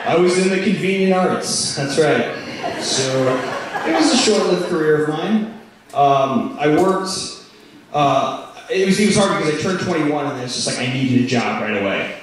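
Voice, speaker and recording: A young man doing stand-up, telling stories with animated delivery and loud shouted impressions. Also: a little high, moderate pace, a little hiss or hum. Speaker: stand-up comedian. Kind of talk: stand-up storytelling. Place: comedy club stage. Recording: roomy club sound from a distance with crowd laughter. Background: audience laughing.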